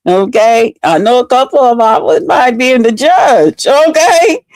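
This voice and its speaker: A woman's voice: on the high side, lively intonation, moderate pace, a little mellow. A woman talking to her viewers in blunt, profane, unfiltered casual commentary. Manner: blunt, profane, chatty, addresses viewers directly. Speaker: online commentary host.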